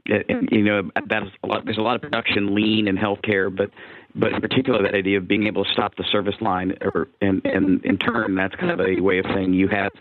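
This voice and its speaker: A man's voice: fairly low pitch, no room sound. A man calling in to a radio show, thinking aloud in a rambling way. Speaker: caller. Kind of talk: casual call-in chat. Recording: tinny phone line.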